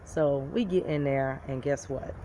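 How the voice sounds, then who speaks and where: A woman from the United States telling a personal story to camera in a blunt, profane, animated way. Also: a bass voice, measured pace. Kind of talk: casual storytime monologue. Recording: loud background noise.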